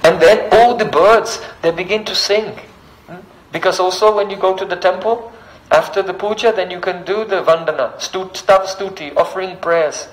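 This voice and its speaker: A man with a notably high voice delivers a devotional sermon in a storytelling manner. He recites scripture verses and keeps checking in with his listeners with a quick "hmm?". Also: low-quality recording. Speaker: speaker giving a devotional discourse.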